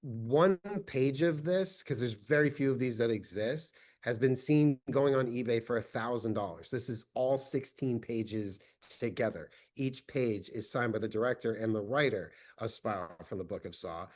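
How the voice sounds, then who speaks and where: A man's voice: mid-range voice, moderate pace, few pauses, darkish tone. A man hosting a podcast, introducing his guests with enthusiasm. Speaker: podcast host.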